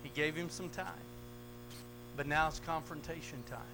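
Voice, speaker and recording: Impassioned preacher over a mains hum. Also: male voice, steady tone, normal speed. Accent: American. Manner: swings from loud, raised retellings to low, quiet asides. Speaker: pastor. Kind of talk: sermon.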